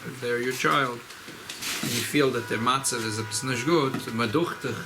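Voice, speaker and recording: A rabbi with a medium-pitched male voice speaks at normal speed in an informal Chassidic talk at a farbrengen gathering. He is repetitive, often restarts phrases, and mixes in Yiddish and Hebrew terms. The recording is low quality, with music in the background.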